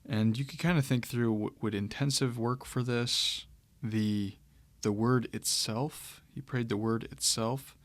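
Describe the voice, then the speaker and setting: A man teaching a lesson on grammar, talking it through in a relaxed way, with pauses and restarts. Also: medium pitch, dry recording. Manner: relaxed, thinking aloud with fillers and restarts. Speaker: Greek teacher. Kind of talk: lecture.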